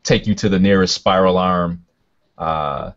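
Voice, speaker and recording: A man voicing a stern male space knight of an empire, speaking formally and halting with fillers, in a dull lo-fi recording. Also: deep voice.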